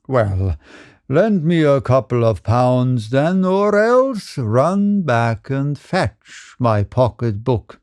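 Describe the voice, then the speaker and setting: A man's voice: mid-range voice, very animated, very slow, a little mellow, clean tone, no echo, full character voice. A man voicing a sly, contented old man who speaks mildly and hesitantly. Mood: sly contentment. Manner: mild and hesitating.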